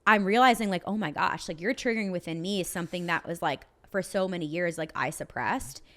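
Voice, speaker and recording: A young woman talks through a casual podcast conversation in a slightly low voice. She is open and emotional, and her sentences are full of "like" fillers. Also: brisk, fairly bright tone. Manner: chatty, frequent "like" fillers, emotional. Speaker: podcast co-host. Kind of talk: casual chat.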